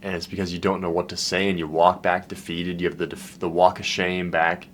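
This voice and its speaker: Deep-voiced man, candid coaching talk. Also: level tone, fairly quick, fairly bright tone, slight background noise. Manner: loose and candid, full of "dude" and "man"; emotional and heartfelt when recalling loneliness. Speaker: dating coach. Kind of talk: casual, profane monologue.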